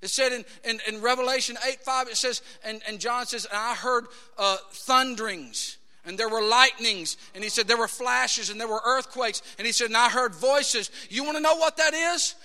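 A man preaching a sermon as pastor, emphatic and building to shouts as he quotes scripture. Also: extremely high pitch, normal speed, hardly any pauses. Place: church sanctuary. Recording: long hall reverb.

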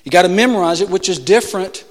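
High-voiced preacher in a reverberant hall. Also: male voice, fast talker. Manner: builds to loud emphatic peaks, then drops low and quiet. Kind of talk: sermon with storytelling. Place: church sanctuary. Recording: long reverb of a large hall.

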